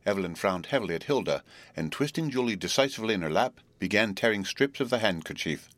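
A man reading a story aloud in a steady, measured narration. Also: on the low side, dry recording. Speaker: audiobook narrator. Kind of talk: scripted narration.

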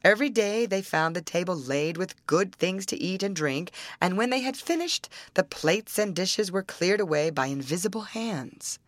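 A woman narrating a fairy tale aloud, expressive and acting out the characters. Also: lowish voice, moderate pace, hardly any pauses, no room sound.

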